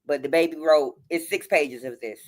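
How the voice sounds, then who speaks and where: A woman hosting a livestream, reading a post aloud haltingly with frequent throat clearing and restarts. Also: deep voice, darkish tone. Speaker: livestream host.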